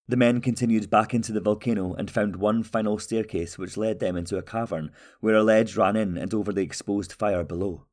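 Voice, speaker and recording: A man narrating a fantasy storybook in a measured, steady way. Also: fairly low pitch.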